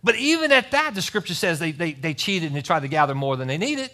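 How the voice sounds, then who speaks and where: Male pastor preaching a church sermon; bright, high, very lively voice with scripture readings and asides. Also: quick pace. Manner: animated preaching, reads scripture aloud with asides. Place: church service.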